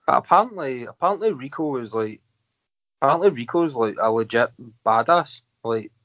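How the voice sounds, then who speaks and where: A man's voice: medium pitch, expressive, moderate pace, fairly bright tone, no echo. Teasing Scottish man, dull dry sound. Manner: teasing, jokey, laughs often. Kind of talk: casual podcast chat.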